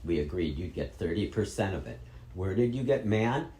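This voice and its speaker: In a heated family argument, a middle-aged Wisconsin vlogger confronts his mother, angrily repeating questions and swearing heavily. His low, mellow voice is expressive and moderately paced, and the room is echoey.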